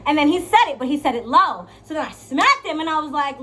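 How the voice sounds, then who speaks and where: A young woman vlogger giving dating advice in a brash, profane, playful monologue, swinging from loud to hushed. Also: high voice, lively intonation, fairly quick, slight background noise. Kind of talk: casual storytelling monologue.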